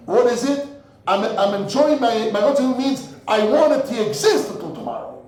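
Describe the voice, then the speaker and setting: A man's voice: very high-pitched, sing-song, moderate pace, a little mellow. A man who is a rabbi, giving an in-depth Talmud lecture, weaving Hebrew and Yiddish terms into English and repeating words as he thinks aloud. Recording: very echoey room.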